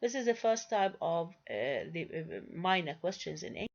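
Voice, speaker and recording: A woman's voice: on the low side, lively intonation, normal speed, creaky. A woman giving a grammar lecture, hesitant, with many fillers and restarts, quizzing her listeners with rhetorical questions. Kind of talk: recorded lecture. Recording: dull lo-fi recording.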